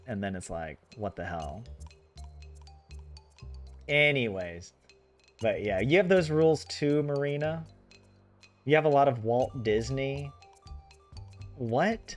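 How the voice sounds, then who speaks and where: A man chats with his stream viewers in a loose, rambling way, laughing often. His pitch swings up and down with lots of life. Soft game music plays faintly behind him. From United States. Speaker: streamer playing a farming game. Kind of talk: casual chat with live viewers.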